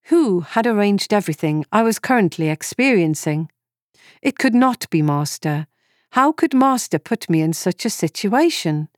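A woman in her forties reading a first-person story in calm, measured scripted narration. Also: mid-range voice, no room sound, clean studio sound. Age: 40s.

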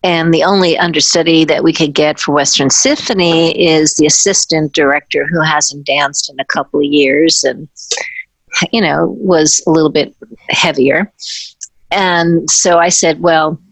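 A woman, a former ballet dancer, telling a personal anecdote in a halting way, restarting sentences and briefly acting out the people she quotes. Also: low-pitched, steady tone, vocal fry, dry recording. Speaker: former ballet dancer recounting her career.

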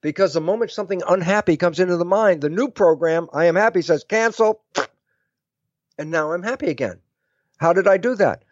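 A man with a somewhat high voice explains his ideas in an interview. He talks in a lively way and acts out both sides of little imagined exchanges. The sound is dry and a little dull. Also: quick pace, dry recording. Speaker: guest speaker. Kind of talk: animated explanatory interview talk.

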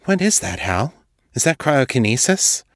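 A man voices a tough young woman investigator, her pitch lifted well above his own and swinging higher when she is exasperated. She talks briskly and to the point, in a close, dry reading of a story. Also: big pitch swings, a bit bright, no echo. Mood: urgent.

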